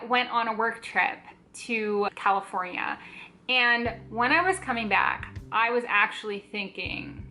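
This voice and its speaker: Bright, chatty young woman vlogger. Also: fairly high pitch, a little slow. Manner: chatty, animated, many "like" fillers. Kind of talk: casual storytelling to camera.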